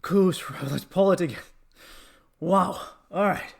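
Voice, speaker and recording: High-voiced man ranting profanely. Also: unhurried, gravelly. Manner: profane, ranting, laughs at own jokes. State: sniffly from allergies. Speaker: comedian podcast host. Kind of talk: solo comedy podcast rant.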